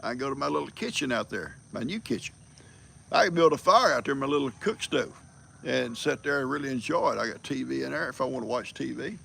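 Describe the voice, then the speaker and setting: A man's voice: medium pitch, animated, fast talker, fairly bright tone, a little hiss or hum. An older man, chatting casually on a livestream, a folksy storyteller who rambles and chuckles. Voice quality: gravelly. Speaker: livestream host.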